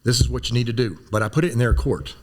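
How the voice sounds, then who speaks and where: Fast-talking older man telling war stories. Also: medium pitch. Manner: animated storyteller, acts out voices. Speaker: guest, former Green Beret physician. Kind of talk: storytelling in a conversation.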